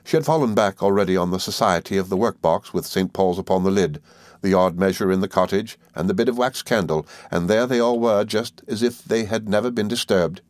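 A man reading a classic novel aloud as narrator, in a measured storytelling manner. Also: fairly low pitch, darkish tone, no room sound.

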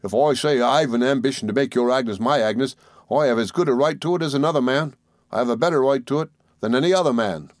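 A man putting on a scheming young clerk from a classic novel, oily and falsely humble, his talk sulky and wheedling. The voice sits higher than the reader's own narrating voice, in a dry recording with no room sound. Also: quick pace, no room sound, lightly acted. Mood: taunting. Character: fawning, sly young male clerk schemer. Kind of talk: audiobook reading.

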